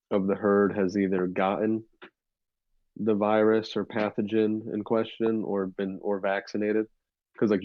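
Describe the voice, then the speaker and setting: A man's voice: lowish voice, no echo, highs cut off. A man in his twenties co-hosting a podcast, talking casually and rambling with many fillers and restarts. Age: 20s. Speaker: podcast co-host. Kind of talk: casual chat.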